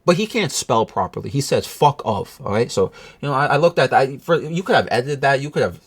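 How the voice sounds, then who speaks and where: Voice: medium pitch, animated, fast, slightly rough. A vlogger ranting through a breakup story in a rambling, profane way, often checking in with the listener. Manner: rambling, profane, keeps asking "you know what I'm saying". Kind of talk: storytime rant to camera.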